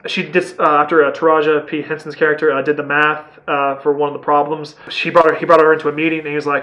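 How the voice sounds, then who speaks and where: A man's voice: fairly high pitch, flat delivery, quick pace, few pauses, fairly bright tone, highs cut off. A young man giving a casual, rambling movie review, enthusiastic and full of fillers and restarts.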